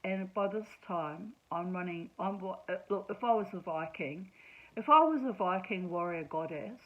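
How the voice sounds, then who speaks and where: A woman's voice: fairly low pitch, normal speed, narrow, tinny audio. A woman telling a personal story in a casual monologue, chatty and sarcastic, laughing often. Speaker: vlogger.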